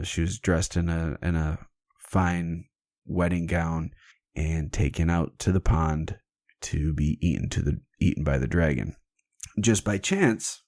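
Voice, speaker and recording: Deep-voiced man telling stories irreverently. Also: darkish tone, dry recording. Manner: irreverent and jokey, swears freely. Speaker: podcast host. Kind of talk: casual storytelling chat.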